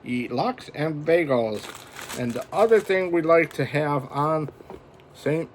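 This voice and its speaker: This is a man vlogging from home in a loose, rambling way, chuckling as he talks. His voice sits a little high for a man. A faint hum of noise runs under him. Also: animated, unhurried. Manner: rambling, chatty, chuckles often. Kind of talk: casual home vlog chat.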